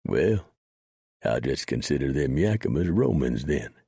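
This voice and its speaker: A man voicing a blunt, rough frontier mountain man who drawls in backwoods grammar with dry sarcasm. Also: rumbling low, very animated, unhurried, warm tone, no echo, full character voice. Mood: gruff.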